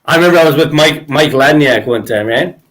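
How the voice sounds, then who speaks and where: A man's voice: fairly high pitch, a little fast, a crowd in the background. A man hosting a podcast, telling crude stories in casual chat and laughing often. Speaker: podcast host.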